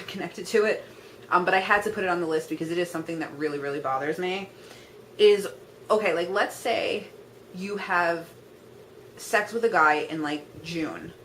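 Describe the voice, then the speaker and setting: A woman's voice: mid-range voice, fairly bright tone, rough recording. A young woman talks straight to her viewers in a blunt, exasperated rant. Her voice sits in a middle register and she swears freely, peppering her sentences with "like". A faint hiss runs under the recording. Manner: blunt, exasperated, profane, lots of "like". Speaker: vlogger. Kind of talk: ranting vlog monologue.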